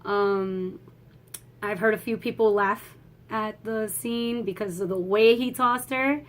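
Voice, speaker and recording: A young woman giving a rambling, excitable movie review, swearing freely and talking in a casual way. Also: medium pitch, takes it slowly.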